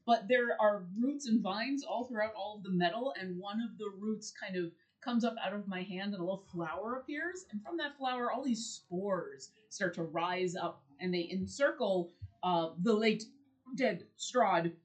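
A woman playing a tabletop role-playing game, chatting casually and excitably. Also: mid-range voice, normal speed, low-quality recording. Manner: excitable, animated. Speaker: player.

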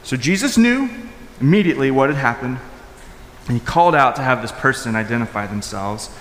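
A male pastor giving a conversational sermon. He talks informally with fillers and restarts, and swings from loud, high emphasis to soft, low asides. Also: expressive, brisk, a little hiss or hum. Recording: echoey hall with long reverb.

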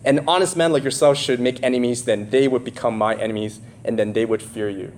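A man with nasal congestion doing an impression of an aging mafia boss, Don Corleone, in a low hushed voice. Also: fairly quick, slight background noise, natural voice. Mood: menacing.

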